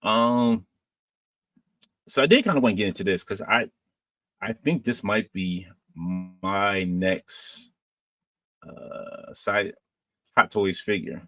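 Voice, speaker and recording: Low-voiced man reading live chat. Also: slow pace, long pauses, no room sound. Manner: relaxed, rambling, many fillers and restarts. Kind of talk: casual livestream chat.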